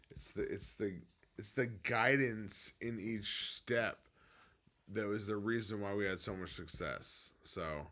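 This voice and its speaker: A man hosting a casual late-night livestream from home, rambling off on tangents and swinging between quiet, low musing and loud, excited bursts. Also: a little hiss or hum. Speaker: livestream host and business owner.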